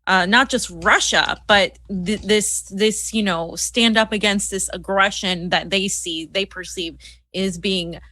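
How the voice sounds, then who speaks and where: A woman's voice: mid-range voice, steady tone, measured pace, bright, forceful tone, dry recording. A woman co-hosting a political talk show, speaking in a heated, scornful way with frequent restarts. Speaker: co-host. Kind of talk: political commentary chat.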